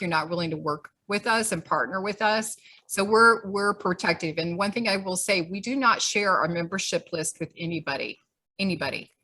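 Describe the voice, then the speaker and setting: A woman's voice: fairly low pitch, sharp tone. A woman leading a grassroots group, giving rousing, conversational closing remarks on a video call. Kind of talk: closing remarks at an online meeting.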